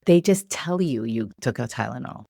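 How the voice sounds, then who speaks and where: Podcast guest: woman from the Philippines, low voice, dry close sound, animated storyteller. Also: normal speed, creaky, no room sound. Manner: lively storyteller who acts out quoted voices. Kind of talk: casual storytelling chat.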